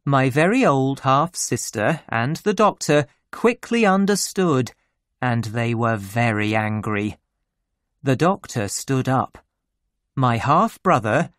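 Slow clear storybook narrator for english learners, lively pitch, dry sound. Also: dry recording.

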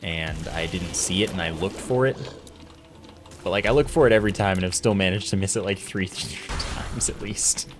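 A man's voice: low voice, normal speed, music in the background. A man streaming a video game live, chatting casually with his viewers in a wry, self-deprecating way. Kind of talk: live gameplay commentary.

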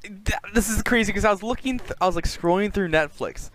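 A man's voice: high-pitched, a little fast, fairly bright tone. A man co-hosting a podcast who talks in a thoughtful, laid-back way during a casual brainstorm. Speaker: podcast co-host.

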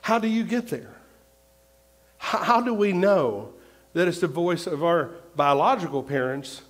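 A male pastor preaching a sermon, repeating his points and swinging between loud and hushed. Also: a little high, lively intonation, a little slow.

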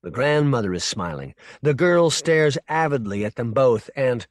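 A man narrating a short story for an audiobook in a measured, intense second-person voice. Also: medium pitch, sing-song, no room sound, clean studio sound. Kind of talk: scripted narration.

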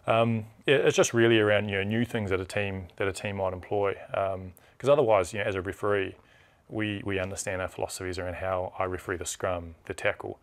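A low-pitched man with a New Zealand accent chats casually as a studio guest; he's a rugby referee. He talks fast and with animation, often starting over mid-thought.

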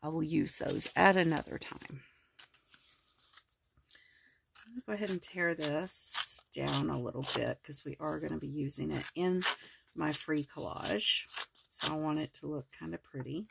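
Hoarse, gravelly-voiced woman crafting. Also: low voice, moderate pace, pauses often, background noise. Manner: chatty, rambling, many ums and self-corrections. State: hoarse, voice cracking. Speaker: crafting video host. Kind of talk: casual crafting walkthrough.

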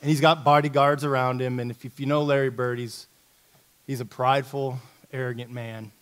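A middle-aged man from Indiana, a coach giving a talk at a church, telling a story in a lively, conversational, self-mocking way. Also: medium pitch, moderate pace, smooth. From Indiana, USA.

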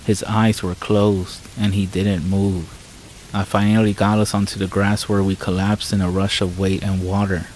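A man reads a scripted horror story in the first person, measured and somber. His voice sits low with a flat, even melody. Soft rain patters faintly behind him. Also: a little hiss or hum, rough recording. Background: faint rain sounds.

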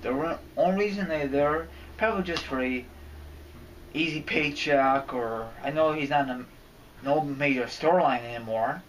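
A man giving a rambling, casual rant as a wrestling fan vlogger, cursing and getting irritated as he goes. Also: medium pitch. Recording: distant mic, faint background noise.

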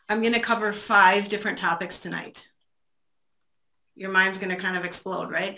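Bright-voiced woman presenting over a video call. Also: mid-range voice. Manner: engaging, asks audience questions. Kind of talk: virtual training talk. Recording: roomy echo, faint noise.

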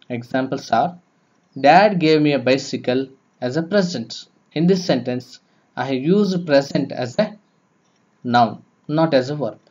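A man teaching a grammar lesson, explaining slowly and repeating points step by step. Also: a little high. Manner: slow, repetitive, explaining step by step. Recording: dull lo-fi recording.

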